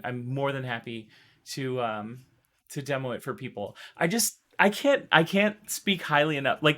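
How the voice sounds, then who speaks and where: A man with a mid-range voice rambles through a casual live-stream chat, restarting his thoughts as excitement and emotion take over. Strain from his recovery lingers in his voice.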